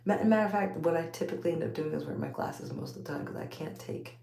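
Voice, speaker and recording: A woman's voice: deep voice, quick pace, vocal fry, dark tone, reverberant, a little hiss or hum. A woman with a Texas accent chatting casually to her viewers late at night at home, rambling, laughing often and calling them y'all. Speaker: vlogger talking to viewers. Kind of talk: late-night casual chat while taking out braids. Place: home at night, under a bright light.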